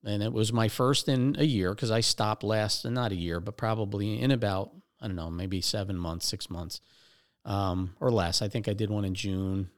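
Chatty, lower-voiced man hosting a podcast. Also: fairly even intonation, moderate pace. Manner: conversational, repeats words and restarts, addresses listeners as guys. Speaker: podcast host. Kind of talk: casual financial podcast talk.

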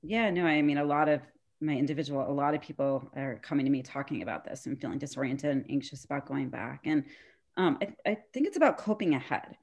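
A woman's voice: extremely low pitch, lively intonation, fast talker, a little mellow. A woman therapist from the New York area, explaining earnestly in a casual interview with frequent fillers. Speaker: therapist guest.

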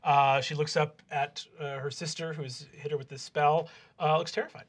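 A man narrating as game master in a lively way, with many fillers. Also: a little high, moderate pace.

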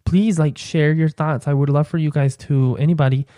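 A man's voice: fairly even intonation, moderate pace, no room sound, studio quality. A young man hosting his own podcast, chatting casually and playfully to listeners with campy asides. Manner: drops into a low, quiet "sweetie" aside. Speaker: podcast host. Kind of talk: casual solo podcast chat.

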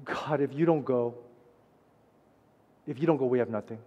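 A pastor preaching a sermon, swinging between loud urgent passages and hushed quiet ones. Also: male voice, mid-range voice, normal speed, dull audio. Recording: long reverb of a large hall.

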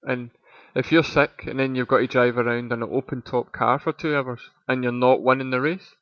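A man's voice: medium pitch, steady tone, normal speed, no echo, muffled recording. A man co-hosting a casual podcast, talking through race analysis with dry, teasing humor. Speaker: podcast co-host. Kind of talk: casual chat.

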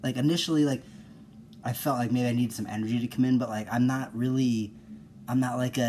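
A man hosting a casual solo podcast, rambling and self-mocking, low-key with bursts of exasperated ranting. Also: fairly even intonation, a little fast, a little mellow, slight background noise.

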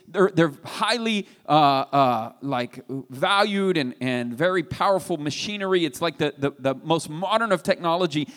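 A man with a high voice preaches a sermon, telling the story with animated energy and rising to loud, emphatic points. His voice rings with long reverb through a large hall. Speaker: pastor.

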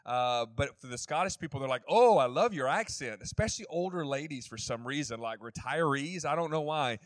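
A man's voice: medium pitch, brisk, a bit bright, dry recording, studio quality. A man in his forties from Dallas with a Texan accent, a missionary opening his sermon with chatty, joking asides to the congregation. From Dallas, Texas. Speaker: missionary guest speaker. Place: church sanctuary.

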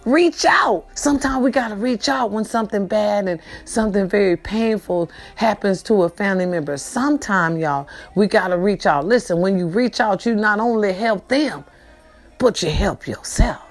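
A middle-aged woman, hosting a casual, profane and preachy talk to her viewers, her pitch swooping up and down. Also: normal speed, faint music behind. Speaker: vlog host.

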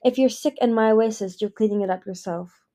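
A woman's voice: a little high, fairly quick, dark tone, lightly acted. Woman doing a curt, acerbic she-dragon sister. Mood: snapping. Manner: snappish, acerbic. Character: sharp-tongued, cold older sister dragon, female.

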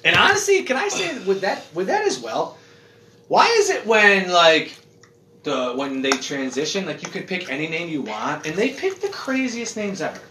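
A man rambles through casual chat in a bright, high voice that swoops up and down. He talks in an animated way and swears a lot. The room rings with echo. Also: normal speed, a little hiss or hum. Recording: echoey room.

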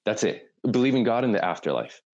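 Low-voiced man; loose, rambling conversational storyteller. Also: very animated, fast talker, a little mellow, highs cut off. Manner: rambling retelling, full of "like" and "right?". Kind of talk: casual conversation.

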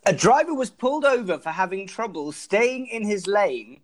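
A man's voice: high-pitched, moderate pace. A man with a Welsh accent co-hosting a podcast, telling stories casually and laughing often. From Wales. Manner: laughs often, lively storytelling. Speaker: podcast co-host. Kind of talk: casual comedic chat.

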